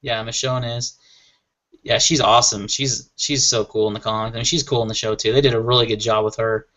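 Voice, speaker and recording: A man of middle pitch chats loosely as a panel member, piling up thoughts with eager enthusiasm and frequent laughs. His voice comes through slightly muffled, lo-fi audio. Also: fairly even intonation, fairly quick, sharp tone. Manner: rambling, enthusiastic, laughs often. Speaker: panel member on a gear chat show. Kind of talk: casual chat.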